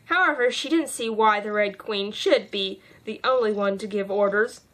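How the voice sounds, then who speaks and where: A woman's voice: medium pitch, moderate pace, a bit bright. A woman narrating an audiobook as a volunteer reader, with occasional stumbles and restarts.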